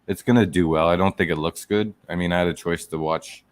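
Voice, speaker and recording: A man's voice: low-pitched, fairly even intonation, a little fast, no room sound. A man co-hosting a casual podcast chat, rambling with lots of fillers. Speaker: podcast co-host.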